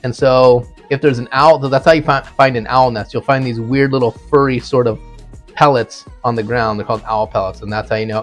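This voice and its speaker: A man's voice: medium pitch, fairly even intonation, a little fast, soft background music. A middle-aged man hosting a casual solo podcast, rambling through random topics with many fillers and asides. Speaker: podcast host.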